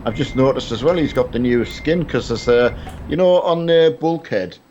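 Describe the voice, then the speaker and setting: A man's voice: mid-range voice, animated, moderate pace, noisy background. A middle-aged man chatting casually on a live stream of a truck game with his son, rambling and hesitant with many fillers and restarts. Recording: dull lo-fi stream audio.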